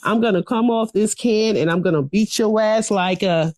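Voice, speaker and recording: A woman with a mid-range, slightly mellow voice speaks at normal speed in a clean studio recording with no room sound. In a lightly acted performance, she plays a feisty older woman defiantly scolding a police officer.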